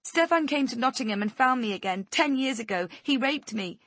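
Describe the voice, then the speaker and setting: A woman's voice: lively intonation, a little fast, fairly bright tone, dry recording, exaggerated voice. Woman voicing a frantic, pleading mother. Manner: frantic, high-pitched pleading. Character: desperate mother pleading for her daughter.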